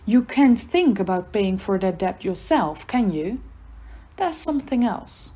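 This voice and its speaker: Mellow Dutch-accented woman reading devotionally. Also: mid-range voice, very animated. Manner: earnest, measured reading of a prepared text. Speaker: church podcast presenter.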